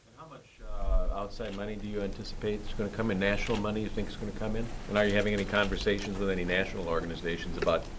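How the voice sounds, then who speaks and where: A male reporter asking polite, probing questions at a press conference. He speaks quickly in a lowish voice, with clear noise behind him. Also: little pitch movement.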